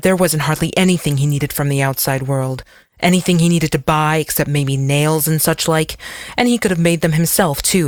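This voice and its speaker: A narrator voicing a weary, stubborn old male farmer and preacher who talks with slow, heavy deliberateness in an audiobook. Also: mid-range voice, clear, resonant tone, no room sound, studio quality, close to an everyday voice.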